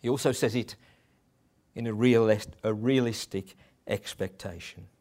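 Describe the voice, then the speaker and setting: A man's voice: on the low side, unhurried, a little mellow. A middle-aged man preaching a sermon in a conversational way, with chuckles and restarts.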